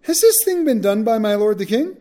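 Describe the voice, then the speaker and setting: A man reading aloud the words of a shrewd, smooth male prophet pleading urgently with a king. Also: sits high, big pitch swings, a little fast, mellow, pitched above the performer's own voice.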